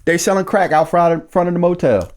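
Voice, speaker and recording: A man sharing his recovery story in casual conversation, lively and acting out the voices of the people in it. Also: high voice, a little fast.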